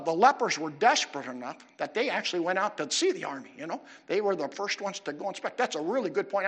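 A man preaching a sermon with animated delivery, putting questions to his listeners. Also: sits high, slightly rough. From United States. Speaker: pastor.

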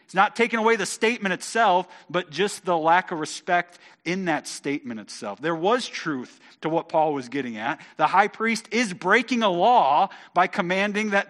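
A man reading scripture aloud and explaining it in a lively, conversational way, often stammering and repeating words as he goes. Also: high voice, fairly quick, few pauses. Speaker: Bible teacher.

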